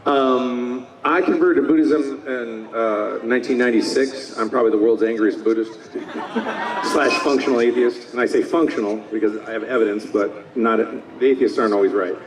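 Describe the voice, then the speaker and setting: A man in his fifties, a voice actor talking at a convention panel, enthusiastic and slipping into quick character voices. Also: mid-range voice, fairly even intonation, recorded from a distance, a crowd in the background. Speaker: voice actor guest. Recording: roomy hall, mic from afar.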